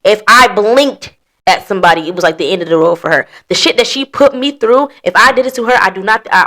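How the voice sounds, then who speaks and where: A woman's voice: medium pitch, fairly bright tone. A woman hosting a podcast, telling her story in blunt, profane casual chat. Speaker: podcast host.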